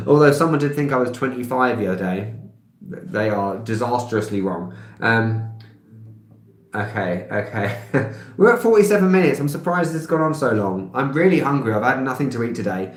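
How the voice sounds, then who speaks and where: A man's voice: medium pitch, expressive, moderate pace. Chatty London man in an echoey room. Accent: London English. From England. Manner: rambling, with frequent filler sounds and small laughs. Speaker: travel vlogger. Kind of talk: casual live-stream chat answering comments. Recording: roomy echo.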